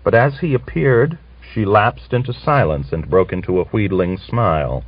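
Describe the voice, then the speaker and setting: A man reading a novel as an audiobook narrator, in a measured, solemn manner. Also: lowish voice, animated, breathy edge, no echo. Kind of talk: scripted literary narration. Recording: dull lo-fi old recording.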